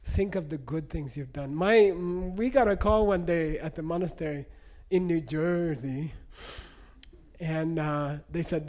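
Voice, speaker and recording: A man teaching meditation to an audience, telling stories in an animated way and checking in with frequent questions. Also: fairly high pitch, unhurried. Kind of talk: spoken teaching with anecdotes.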